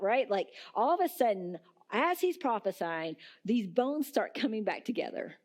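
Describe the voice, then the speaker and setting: A woman delivers a Sunday sermon in a church sanctuary. Her voice sits in a middle pitch, and she speaks conversationally, dropping in small fillers and asking her listeners to picture the scene with her. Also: a little mellow. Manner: conversational preaching with fillers and asides to the congregation. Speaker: pastor.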